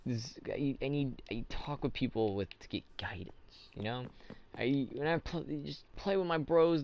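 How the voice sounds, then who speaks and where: A man's voice: mid-range voice, moderate pace, gravelly, darkish tone. A young man hosting a casual gameplay commentary, rambling and asking himself questions as he plays. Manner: rambling, thinks aloud, self-questioning. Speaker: let's play host.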